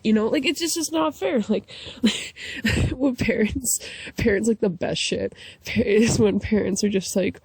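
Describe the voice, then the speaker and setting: A woman vlogger ranting casually to camera, animated and profane, with frequent laughing asides. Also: mid-range voice, moderate pace, husky, dry recording.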